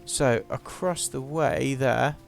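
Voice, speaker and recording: A man's voice: mid-range voice, takes it slowly, creaky, soft background music. A man giving casual, playful, self-mocking commentary while narrating his gameplay.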